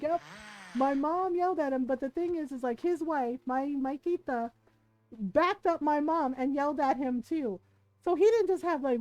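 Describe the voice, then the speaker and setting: A woman's voice: high-pitched, darkish tone, no room sound, rough recording. A woman from the United States, streaming a game while casually telling a family story, acting out quotes and laughing often.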